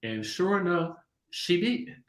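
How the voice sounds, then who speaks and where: A man hosting a casual reality-TV chat show, animated and quick to laugh. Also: sits high, echoey room. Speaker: podcast host.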